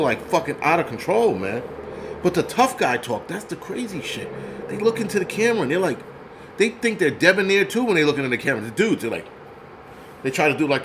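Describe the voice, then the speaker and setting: A man's voice: fairly high pitch, slight background noise, rough recording. A man hosting a show, ranting in a profane, mocking and exasperated way about people he finds ridiculous. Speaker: host. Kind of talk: angry ranting commentary.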